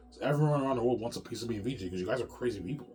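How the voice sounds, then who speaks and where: A man's voice: mid-range voice, very fast, darkish tone. A man rambling in an agitated monologue to the camera, swearing often and repeating his words. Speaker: vlogger.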